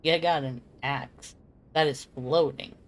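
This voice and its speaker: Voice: mid-range voice, fairly even intonation, slow pace, vocal fry. Chatty streamer playing a game. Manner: chatty, joking asides. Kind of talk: casual gameplay commentary.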